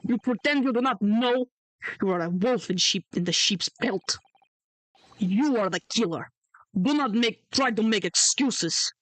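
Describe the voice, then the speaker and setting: A woman voicing a stern male Russian ship officer in a put-on Russian accent, gruff and accusing in broken English. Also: a little high, expressive, unhurried, a bit bright, no room sound.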